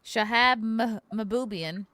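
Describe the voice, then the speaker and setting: A woman's voice: a little high, takes it slowly, pushed and bright, no echo. A woman hosting a podcast, reading facts aloud in casual chat and cracking crude jokes. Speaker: podcast host.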